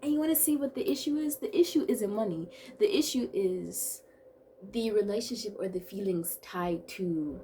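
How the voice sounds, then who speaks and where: A woman in her twenties vlogging in a chatty, bubbly way, full of quick asides and playful self-talk. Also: medium pitch, dark tone, a little hiss or hum. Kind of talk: casual chat to camera.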